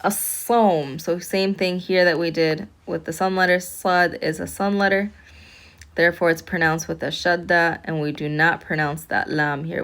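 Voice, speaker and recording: A woman with a somewhat low voice teaches an online lesson. She talks patiently, says each word slowly more than once and keeps asking "okay?". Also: a bit bright. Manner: patient, repeats words slowly and checks in with "okay?". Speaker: Arabic teacher.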